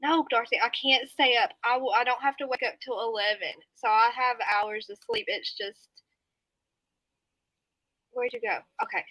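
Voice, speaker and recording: A woman's voice: fairly high pitch, lively intonation, normal speed, bright, forceful tone, no echo, rough recording. A woman hosting a casual late-night live stream from home, chatting with viewers, laughing and snorting often. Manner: giggly, chatty, reads and answers viewer comments.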